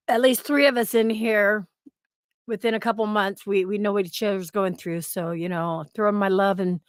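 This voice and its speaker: A woman's voice: mid-range voice, no echo, clean studio sound. A woman hosting a casual livestream, chatting, swearing freely and greeting viewers from the chat. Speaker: livestream host.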